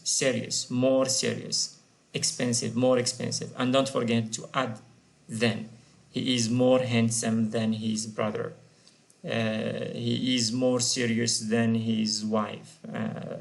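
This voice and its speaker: A man's voice: medium pitch, gravelly. A man teaching an English grammar lesson, patiently repeating and spelling out example words.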